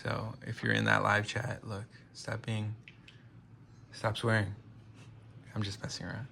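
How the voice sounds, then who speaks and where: A man from the United States talks in a loose, rambling vlog, cutting himself off mid-thought and joking. His voice sits a little low with a gravelly rasp. A faint hiss of noise runs under the recording. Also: completely flat delivery, a little slow, bright, forceful tone. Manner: rambling, self-interrupting, jokey. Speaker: vlogger.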